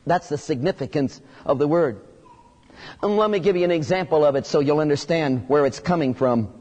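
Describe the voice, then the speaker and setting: A man preaching an expository sermon in a lively, conversational way, with sudden emphatic bursts. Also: on the high side, brisk, big-room sound.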